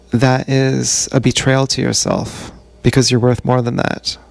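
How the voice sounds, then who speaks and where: A man's voice: medium pitch, gravelly, no room sound. A man live-streaming a rambling, profane monologue that sounds like he is talking to himself, recorded on an action camera mic. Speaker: vlogger.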